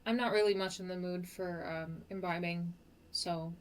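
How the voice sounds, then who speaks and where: A woman's voice: lowish voice, fairly even intonation, moderate pace. A woman playing in a tabletop game, speaking hesitantly and playfully. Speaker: player. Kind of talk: casual chat at a game table.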